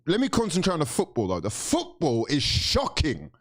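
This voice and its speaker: A young man vents about his team in a profane, exasperated reaction rant. His voice swings wildly in pitch, rising to shouts of disbelief and falling to low, bitter muttering. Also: huge pitch swings, moderate pace. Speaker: football fan vlogger. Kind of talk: angry fan reaction rant.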